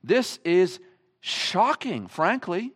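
High, lively-voiced male preacher. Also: very slow, slightly rough. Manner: emphatic, asks the congregation many rhetorical questions. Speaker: pastor. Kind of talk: sermon. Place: church service.

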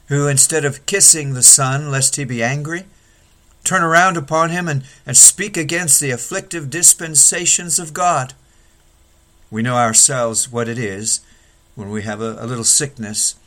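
A man preaching a sermon, measured and earnest, rising sharply when he voices the complaints he quotes. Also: medium pitch, a bit bright. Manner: measured preaching with sudden raised pleading quotes.

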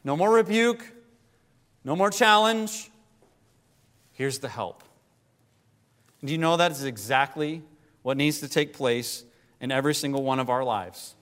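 A man preaching a sermon, rising to impassioned pleas and dropping to quiet, low emphasis. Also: a little slow, pauses often. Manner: rises to impassioned pleading, then drops low. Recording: long hall reverb.

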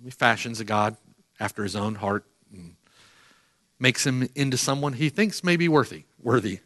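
This middle-aged preacher's voice is mid-range and a bit bright, moving at a normal speed. His emphatic sermon leans on repeated phrases, with sharp rises and falls.

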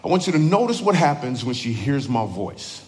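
A man telling a story about his newborn daughter in a devotional video, relaxed with light humor. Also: medium pitch, normal speed, heavy background noise. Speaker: video speaker. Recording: video with music underneath and reverb.

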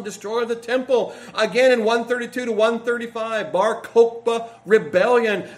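A man preaching a sermon, reading scripture aloud and putting earnest questions to the congregation. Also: sits high. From United States.

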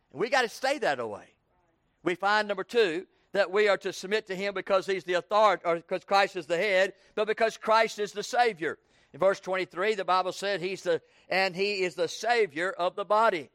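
An evening sermon from a man who asks his congregation "Amen?", leans on rhythmic repetition, and rises to a fervent pitch. He keeps a moderate pace and a fairly bright tone, recorded in studio quality with no echo.

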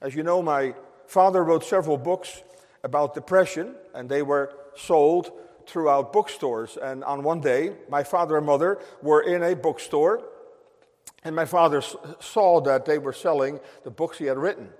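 A man's voice: on the high side, moderate pace, a little mellow, long reverb tail. A man preaching a sermon to his congregation in an earnest, emphatic way, repeating key phrases for weight. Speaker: pastor.

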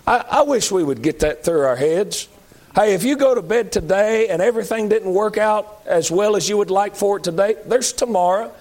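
A man preaching a sermon, moving between loud high-pitched calls and low pleading appeals. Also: normal speed.

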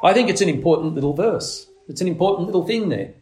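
A man preaching a sermon, leaning on words slowly for emphasis and climbing to urgent, raised passages. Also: animated, darkish tone, a little hiss or hum. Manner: preaching with slow emphatic stresses, rising to urgent highs.

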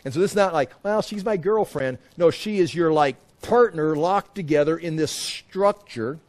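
A man with a slightly high voice, speaking at a normal speed, teaches a Bible passage verse by verse. His manner is conversational, full of restarts, repeated phrases, and acted-out quoted voices.

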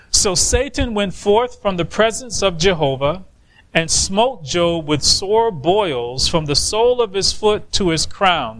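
A male preacher with a high voice delivers a sermon at an unhurried pace. He lands on his main points with emphatic, drawn-out stresses. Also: a bit bright.

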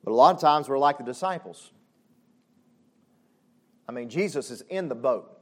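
A man preaching a sermon. He talks conversationally with frequent asides and swings between loud exclamations and soft, low passages. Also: expressive, normal speed. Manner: conversational, with frequent "you know what I'm saying" asides. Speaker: pastor.

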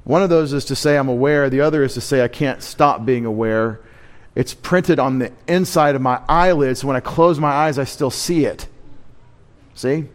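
A male pastor working through a text line by line in a sermon, with a mid-range voice. He keeps posing questions to his listeners and then answering them, and he stresses key words with deliberate repetition. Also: medium pitch. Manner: teaching through rhetorical questions and repeated emphasis. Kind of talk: expository sermon. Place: church sanctuary.

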